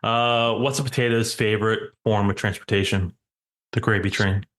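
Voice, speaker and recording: A man's voice: fairly low pitch, steady tone, moderate pace, noisy background. A man hosting a podcast, running a casual dad-joke segment with many "all right"s and easy laughter. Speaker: podcast host.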